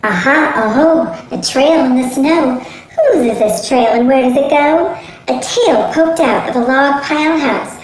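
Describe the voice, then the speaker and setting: High-voiced teacher reading a picture book. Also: female voice, unhurried, slight background noise. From northern United States. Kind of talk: children's storybook read-aloud. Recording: roomy echo, faint music.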